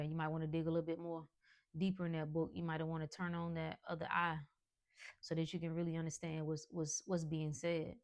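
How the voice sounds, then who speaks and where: Woman podcast host preaching mindset stuff, punchy and colloquial, lowish voice. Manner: emphatic, preachy, colloquial with laughs. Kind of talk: motivational monologue.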